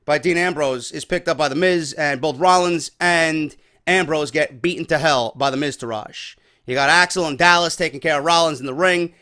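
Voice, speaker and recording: Man, high voice, casual wrestling recap, opinionated, swears a lot, emphatic. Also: fairly bright tone. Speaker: wrestling commentator.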